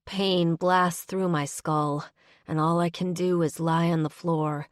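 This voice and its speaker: Woman reading a first-person audiobook, dramatic and expressive, lowish voice, dead dry close mic. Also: takes it slowly, no echo. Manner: expressive, dramatic inner monologue. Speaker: audiobook narrator.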